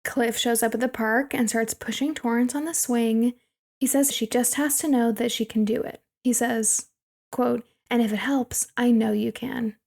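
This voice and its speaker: Chatty young woman with a gravelly edge. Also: fairly high pitch, fairly even intonation, normal speed, darkish tone. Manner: chatty, laughs often, recaps plot scenes. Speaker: podcast co-host. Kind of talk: casual movie recap chat.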